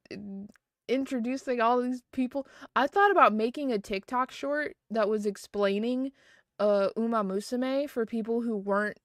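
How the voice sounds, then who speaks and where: A woman chatting casually on a live stream from a close desk mic at home. Her voice sits at a middle pitch and sounds dry and close, with no room around it. She rambles happily with lots of "like" and "um" and breaks into frequent giggles. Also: a bit bright, no room sound.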